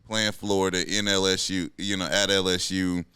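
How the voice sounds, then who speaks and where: A man's voice: deep voice, level tone, normal speed, sharp tone, smooth, no room sound. A man in his thirties, a podcast host and former pro football player, talking in a laid-back, slangy, casual way.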